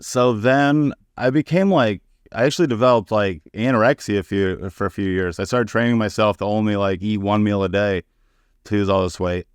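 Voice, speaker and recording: A man with a low, smooth and resonant voice tells stories on a podcast as a comedian guest. He is candid and foul-mouthed and acts out the people in his anecdotes. The sound is dry and close. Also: normal speed, no room sound. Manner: candid, profane, acting out quoted people. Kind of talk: casual podcast storytelling.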